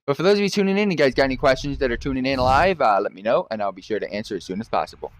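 A young man streaming a football video game live, chatting to viewers, swearing and yelling at misses. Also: mid-range voice, rapid-fire, slight background noise. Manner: excitable, swears and yells at misses. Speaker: gaming streamer.

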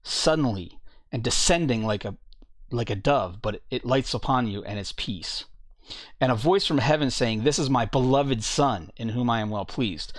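A man's voice: medium pitch, normal speed, no echo. A man giving a bible teaching, reading verses aloud and commenting on them plainly. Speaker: preacher.

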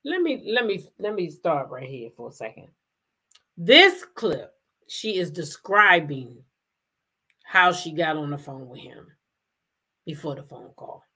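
A woman's voice: sits low, big pitch swings, unhurried, long pauses, sharp tone, breathy edge. A woman hosting a casual commentary show, talking emphatically, repeating her points and firing off rhetorical questions. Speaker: commentary host.

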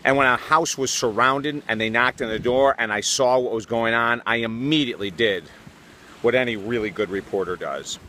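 A man's voice: mid-range voice, moderate pace, sharp tone, slight background noise. A man playing a field reporter in a comic mock news report, with a dramatic, mock-serious delivery, speaking outdoors by the water.

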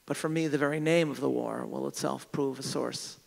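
A man, a rabbi, making measured, solemn remarks at a synagogue gathering. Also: mid-range voice, fairly even intonation, vocal fry, low-quality recording. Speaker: rabbi, panel speaker. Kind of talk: formal reflective remarks. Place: synagogue hall.

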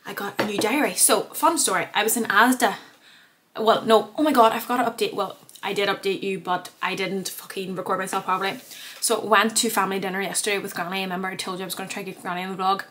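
A woman's voice: medium pitch, fairly even intonation, fast talker, a bit bright. Young girl rambling at her phone in her bedroom, cheeky and self-mocking. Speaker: vlogger. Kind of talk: casual vlog chat to camera. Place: bedroom at home.

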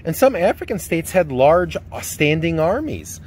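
A man's voice: on the high side, sing-song, normal speed, darkish tone, a little hiss or hum. A male history teacher giving a recorded lecture in a loose, conversational way, with fillers, restarts and rhetorical questions.

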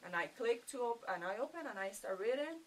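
The speaker is a middle-aged woman from Puerto Rico at a retreat, her voice a little high, fairly quick and lively in intonation. Sharing her testimony with the circle, she plays out her own quotes like a storyteller and laughs often, recorded from a distance with faint background noise.

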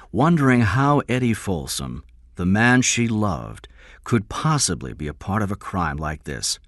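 A man narrating an audiobook in a measured, expressive storytelling manner. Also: lowish voice, no room sound, clean studio sound. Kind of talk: audiobook reading.

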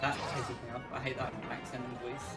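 A man's voice: medium pitch, flat delivery, fairly quick. A young man gaming with a friend, answering in short laid-back replies and dry teasing. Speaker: gamer. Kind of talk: casual gaming chat with a friend. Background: game music.

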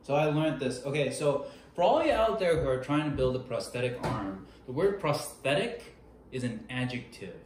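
A man's voice: mid-range voice, big pitch swings, normal speed, a little mellow. A young man with non-native English chats casually as a film review co-host, explaining points at length and correcting himself along the way. His mid-range voice rings around a small echoey room with faint hiss underneath. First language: not English. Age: young adult. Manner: chatty, over-explains and self-corrects. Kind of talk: casual chat.

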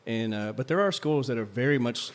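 A man talks quickly in a mid-range voice, rambling through a story with plenty of fillers. He is a teacher co-hosting a podcast, recorded live at a coffee shop. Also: medium pitch, animated. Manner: rambling, filler-heavy, "like" and "right?" asides. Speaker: history teacher and podcast co-host. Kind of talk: casual storytelling chat.

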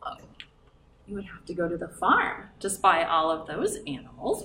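Heard from a distance in a roomy space with a little hiss or hum, a woman librarian sings her way through a picture book for children, coaxing them and asking questions. Her pitch sits in the middle but swings widely, her speed is normal, and her tone is a bit bright.

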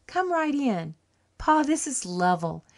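A woman reading an audiobook, voicing a cheery, warm-hearted country farm wife with a folksy rustic dialect. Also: sits high, big pitch swings, slow pace, pitched above the performer's own voice, full character voice. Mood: welcoming.

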